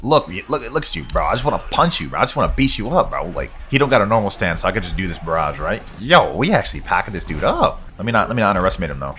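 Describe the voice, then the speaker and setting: Excitable low-voiced male gamer. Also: racing, hardly any pauses, soft background music. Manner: excitable, slangy, hypes himself up. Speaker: gaming YouTuber. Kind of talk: let's-play commentary.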